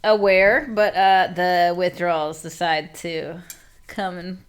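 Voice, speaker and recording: A woman with a somewhat low voice co-hosts a podcast and tells her own story in casual chat. She speaks frankly and wryly, leaning on fillers like "um" and swearing casually. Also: steady tone, slow, clear, resonant tone. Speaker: podcast co-host.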